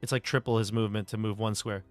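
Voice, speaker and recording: A man's voice: fairly low pitch, little pitch movement, quick pace, faint music behind. A man running a tabletop game as game master, describing the scene in a casual way and voicing sound effects.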